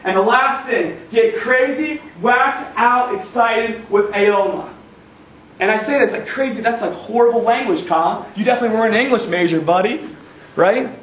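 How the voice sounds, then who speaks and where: A young man with a fairly high voice speaks to a university crowd with punchy, repetitive emphasis. He is picked up from a distance, so the hall's echo carries his words, and a faint hum of room noise sits underneath. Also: normal speed. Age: young adult. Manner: energetic, emphatic, repeats phrases. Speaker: guest speaker. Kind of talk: motivational talk. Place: university event hall. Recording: echoey room, recorded from far off.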